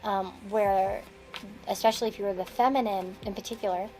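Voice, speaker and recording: A woman's voice: mid-range voice, steady tone, fairly quick, mellow, soft background music, rough recording. A woman giving a casual tarot reading, rambling and restarting her sentences with frequent chuckles. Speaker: tarot card reader.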